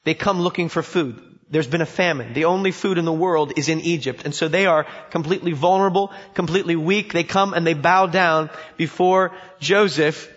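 A man's voice: on the high side, a little fast, hardly any pauses, fairly bright tone. A man preaching a sermon, telling a story with emphasis and putting questions to his listeners. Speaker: pastor. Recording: dull sound in a reverberant hall.

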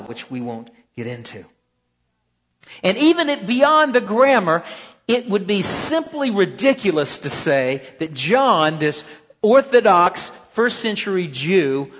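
A man teaching a Bible class, emphatic and animated, often repeating words as he restarts. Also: sits high, husky. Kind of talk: classroom lecture. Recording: muffled, roomy lecture hall recording.

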